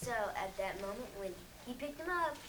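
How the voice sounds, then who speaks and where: A woman in the audience answering in a hesitant, halting way. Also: on the high side, animated, fairly bright tone, low-quality recording. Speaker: audience member.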